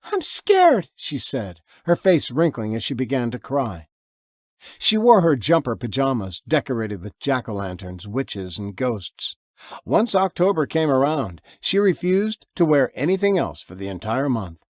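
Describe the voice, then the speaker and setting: A man narrating his own horror novel in an expressive, lively way. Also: a little slow, no echo, clean studio sound. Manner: lively, expressive reading, with low growled voices for the father. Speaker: author and narrator.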